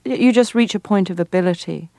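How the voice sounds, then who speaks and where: A middle-aged woman from England, an actress answering interview questions thoughtfully, pausing and restarting as she searches for words. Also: medium pitch, vocal fry, warm tone, no room sound. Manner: thoughtful, frequent restarts and pauses. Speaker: actor, guest.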